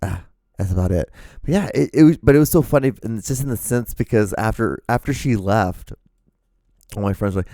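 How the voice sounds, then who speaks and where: Mellow-voiced man rambling through stories. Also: fairly low pitch, a little fast, creaky, no echo, studio quality. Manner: rambling, profane, acts out quoted voices. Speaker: podcast host. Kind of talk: casual solo storytelling monologue.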